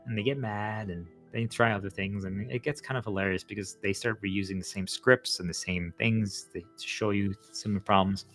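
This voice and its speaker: A man with a fairly low voice talks straight to his viewers in a loose, rambling monologue. He leans on "like" constantly and gets animated as he goes. Soft music plays faintly behind him. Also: normal speed, few pauses. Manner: rambling, heavy use of "like" fillers; animated, acts out quoted voices. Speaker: channel host.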